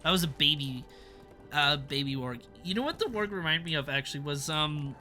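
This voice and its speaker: A man's voice: on the high side, a little fast, music in the background. A young man chatting casually on a live stream, reviewing a TV episode in a rambling, laughing way. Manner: rambling, self-interrupting, laughs often.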